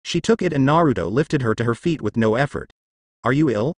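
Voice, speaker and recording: A man's voice: medium pitch, animated, quick pace, no echo. A young man reading fan fiction aloud as narrator, telling the story expressively.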